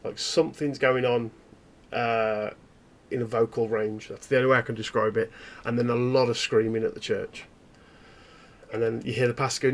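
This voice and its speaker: A man narrating a tabletop horror game as game master, in halting, descriptive storytelling. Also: medium pitch, flat delivery.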